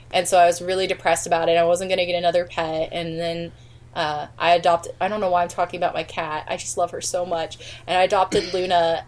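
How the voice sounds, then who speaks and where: A woman co-hosting a podcast in casual chat, rambling and laughing often. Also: on the low side. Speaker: podcast co-host.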